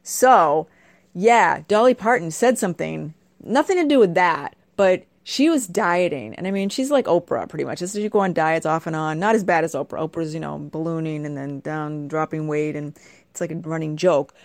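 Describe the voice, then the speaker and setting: A woman's voice: low-pitched, animated, normal speed, dry recording. A woman host ranting in a casual, sarcastic, scolding way. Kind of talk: casual comedic rant.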